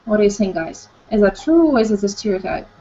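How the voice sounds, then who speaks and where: A woman's voice: mid-range voice, animated, fast talker, warm tone. A woman from Ukraine, teaching an online English conversation class and leading it with short questions. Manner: leads discussion with short prompts and questions. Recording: dull lo-fi call audio.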